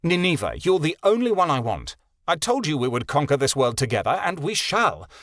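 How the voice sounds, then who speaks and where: A man's voice: fairly high pitch, sing-song, a little fast, a bit bright, no echo, pitched above the performer's own voice. A cruel tyrant king from a fantasy audiobook, cold and contemptuous, sneering through each line. A male narrator voices him in a dry, close recording. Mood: pleading.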